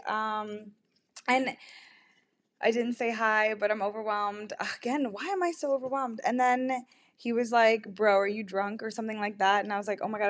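A young woman hosting a podcast, telling a rambling, self-deprecating story in casual confessional talk, full of "like" and swearing. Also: mid-range voice. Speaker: podcast host.

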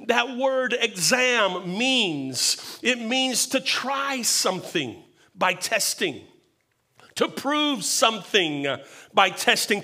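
Bright, high-voiced man preaching slowly. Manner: earnest preaching, repeats words for emphasis. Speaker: pastor. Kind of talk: sermon.

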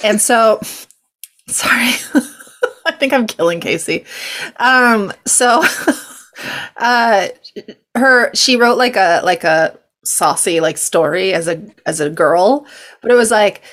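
A woman's voice: medium pitch, animated, slow pace, pauses often, fairly bright tone. A young woman from California hosting a podcast, chatting casually and giggling through a rambling story. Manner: chatty and giggly, lots of fillers and asides. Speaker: podcast host. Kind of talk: casual chat.

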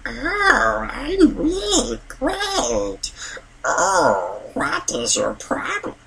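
A man doing an impression of a wretched cave creature talking to itself, hissing and croaking. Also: very high-pitched, huge pitch swings, drawn-out words, crowd noise, pitched above the performer's own voice, heavily acted. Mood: wheedling. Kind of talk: movie character impression.

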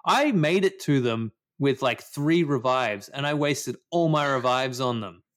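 A man's voice: mid-range voice, lively intonation, measured pace, a bit bright. A man ranting about a video game in casual chat, swearing often. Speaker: podcast co-host.

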